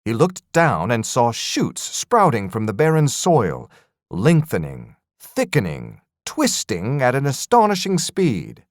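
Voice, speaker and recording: A man narrating a fantasy audiobook in an expressive storytelling manner. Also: medium pitch, slow pace, dry recording, studio quality.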